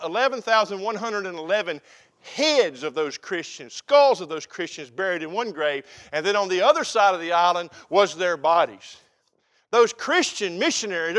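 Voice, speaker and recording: A man's voice: high-pitched, fairly bright tone. An older man preaching an expository sermon in a folksy, emphatic way, stretching out key words. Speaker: pastor.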